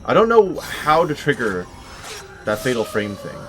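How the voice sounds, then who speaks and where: A man's voice: medium pitch, very animated, measured pace, a bit bright, a little hiss or hum. A man giving let's play commentary on a horror game, wry and talking back to the enemies as he plays. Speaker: gameplay commentator. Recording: game music playing behind. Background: game music.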